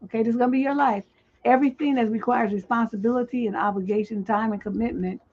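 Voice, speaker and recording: A middle-aged woman hosting a livestream relationship advice show, reading viewer letters and answering in blunt, profane, exasperated rants. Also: fairly high pitch. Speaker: relationship coach and livestream host. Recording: dull lo-fi stream audio.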